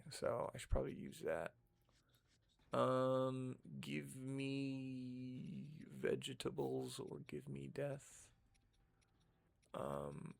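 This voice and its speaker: A man's voice: medium pitch, gravelly. A man giving casual, rambling commentary while streaming a video game, laid-back and full of fillers and slang.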